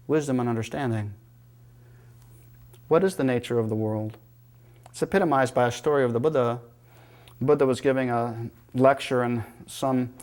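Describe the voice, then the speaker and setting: A man teaching yoga philosophy in a calm, reflective manner and telling teaching stories. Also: medium pitch. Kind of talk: spiritual lecture.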